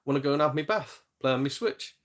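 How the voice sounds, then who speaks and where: A young man from Shropshire in England, near the Welsh border, chats on a gaming live stream with an expressive voice on the high side. He jokes around, laughs quickly and easily, and swears mildly.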